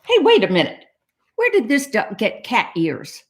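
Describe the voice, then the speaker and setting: A woman voicing a bossy, easily irritated cat in a children's storytime, insistent and high-pitched. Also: wildly swooping pitch, moderate pace. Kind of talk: children's storytime read-aloud.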